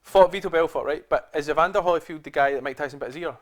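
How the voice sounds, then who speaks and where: A man's voice: a little high, rapid-fire. A man co-hosting a podcast in casual chat, calling his friend mate a lot. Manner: chatty, says mate a lot. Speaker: podcast co-host.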